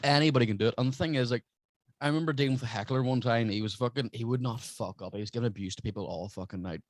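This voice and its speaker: A man's voice: medium pitch, rapid-fire, no echo. A man, a stand-up comedian, telling brash, profane stories in casual podcast chat. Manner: swears constantly, brash and animated.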